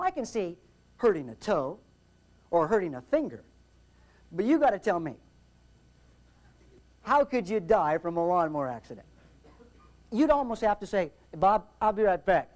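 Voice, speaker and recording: Animated joking man telling flying stories. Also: high-pitched. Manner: animated, jokey, theatrical anecdotes. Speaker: aviation safety speaker. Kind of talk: humorous storytelling seminar talk.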